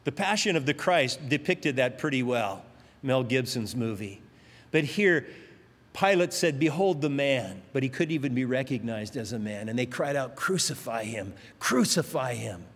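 A man's voice: medium pitch, expressive, moderate pace, long reverb tail. A pastor preaching a sermon, emphatic, stretching out his climactic lines as his voice rises.

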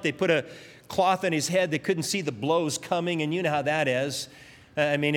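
A man's voice: fairly high pitch, long reverb tail. A pastor preaching a sermon, emphatic, stretching out his climactic lines as his voice rises.

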